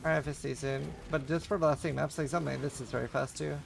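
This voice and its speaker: A man's voice: medium pitch, fairly even intonation, fast talker, vocal fry, slight background noise. A man live-streaming a game, chatting casually and answering his chat between plays.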